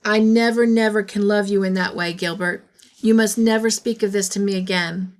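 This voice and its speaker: A woman's voice: mid-range voice, fairly even intonation, moderate pace, lightly acted. Woman voicing dreamy young woman, flustered, stammering, storybook reading.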